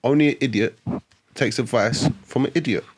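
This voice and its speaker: A man hosting a podcast, bantering and firing off quick punchlines in casual chat. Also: mid-range voice, slight background noise. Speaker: podcast host.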